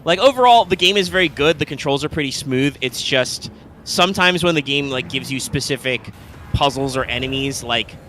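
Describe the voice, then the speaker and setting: A man's voice: mid-range voice, lively intonation, normal speed, pushed and bright, a little hiss or hum. A man co-hosting a live gaming stream, chatting casually and rambling with lots of fillers, restarts and swearing. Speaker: co-host.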